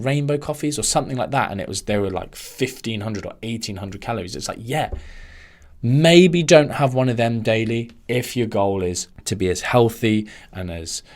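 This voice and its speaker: A man hosting a solo podcast, ranting in a loose, animated way that keeps swerving into tangents. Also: medium pitch. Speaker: podcast host. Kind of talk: casual solo podcast monologue.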